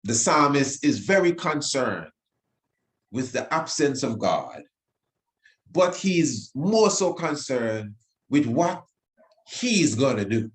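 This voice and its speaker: A man teaching the Bible on the radio, emotional, repeating phrases and reading scripture slowly with emphasis. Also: mid-range voice, big pitch swings.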